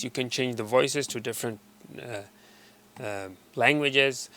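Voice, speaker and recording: A man's voice: mid-range voice, creaky, a bit bright. A man casually walking viewers through device settings step by step, with a loose, hesitant delivery full of fillers and restarts. He often stops mid-sentence and starts again. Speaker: tutorial presenter. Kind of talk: casual screen walkthrough.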